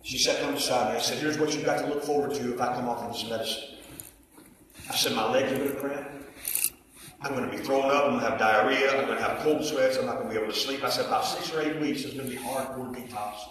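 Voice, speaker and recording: A man preaching a personal testimony, quiet storytelling breaking into shouts and sung hymn lines. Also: medium pitch, quick pace, a little hiss or hum. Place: church service. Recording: echoey church hall, mic far off.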